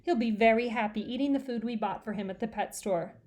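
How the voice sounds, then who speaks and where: A woman's voice: a little high, fairly quick, a little mellow, natural voice. A woman reading as a firm, fussy mother.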